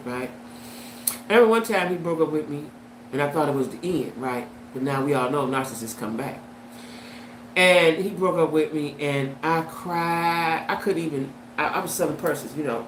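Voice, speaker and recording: A woman hosting a casual commentary vlog, talking to her viewers in an animated way and often asking them "right?". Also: lowish voice. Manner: animated, talks to viewers with "right?" and "you know what I'm saying". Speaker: host. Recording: echoey room with faint background noise.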